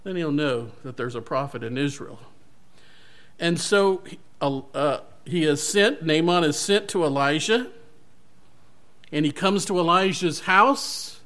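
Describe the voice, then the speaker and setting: A man's voice: fairly high pitch, expressive, slow pace, fairly bright tone. A male pastor giving a sermon, retelling a Bible story animatedly and correcting himself as he goes.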